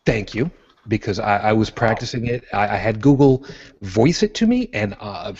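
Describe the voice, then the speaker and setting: A man's voice: fairly low pitch, lively intonation, normal speed, a little mellow, slightly rough, dull audio. A man co-hosting a podcast in casual chat, self-deprecating and apologetic. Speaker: podcast co-host.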